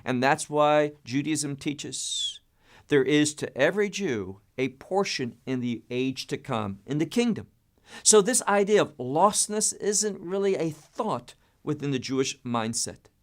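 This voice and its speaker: A man's voice: fairly high pitch, animated, measured pace. A man teaching a Bible study, emphatic and stressing key words, with frequent repeats and restarts.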